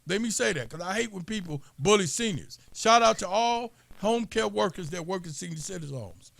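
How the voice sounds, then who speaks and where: A man's voice: high-pitched, animated, a little fast, gravelly, few pauses, a bit bright, no room sound. A man co-hosting a political talk show, making emphatic points and repeating key lines for listeners. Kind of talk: casual political commentary.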